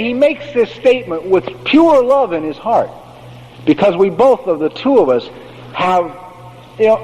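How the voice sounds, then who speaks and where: An older man giving a recovery talk to an audience, with a blunt, profane and animated way of telling stories. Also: high-pitched. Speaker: recovery speaker. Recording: faint noise, long hall reverb.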